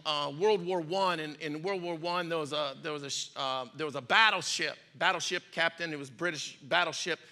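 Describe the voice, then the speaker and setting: A male pastor delivers a sermon in a folksy, chatty way, circling back to repeat his points. His voice sits high and rings bright and tense. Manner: folksy, repetitive, conversational preaching. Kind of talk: sermon with storytelling.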